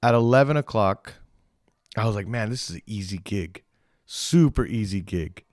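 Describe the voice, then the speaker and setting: A young man hosting a podcast, telling a story in a rambling, profane, animated way and quoting the people in it. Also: fairly low pitch, moderate pace, dry recording, studio quality. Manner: rambling, profane, animated retelling with quoted voices. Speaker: podcast host. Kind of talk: casual storytelling.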